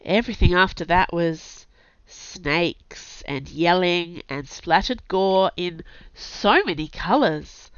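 Brief: female audiobook narrator, even storytelling delivery, muffled dry recording. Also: lowish voice, slow pace, smooth, no echo. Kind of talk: scripted narration.

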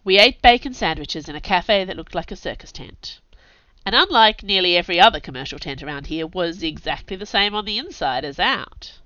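A woman's voice: fairly low pitch, animated, fairly quick, pushed and bright, dry recording, highs cut off. A woman narrating a first-person novel in a wry, sardonic storytelling manner. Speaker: audiobook narrator.

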